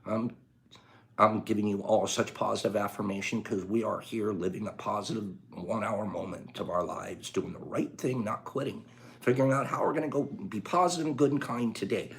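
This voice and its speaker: A man hosting a casual livestream, chatting playfully with viewers and reading their comments aloud, dropping to hushed whispers at times and breaking into loud laughter at others. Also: fairly low pitch, fairly quick, gravelly. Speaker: livestream host.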